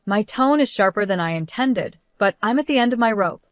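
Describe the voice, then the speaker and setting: A woman's voice: mid-range voice, animated, fairly quick, few pauses, dry recording, clean studio sound. A woman narrating a dramatic first-person story with tense, emotional delivery.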